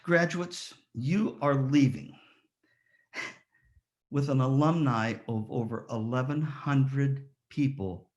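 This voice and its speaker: Male ceremony speaker, mid pitch, storyteller who acts out quotes and keeps asking the crowd "yeah?". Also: slow. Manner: lively storyteller, rhetorical questions, acts out quotes. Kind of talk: motivational speech with stories.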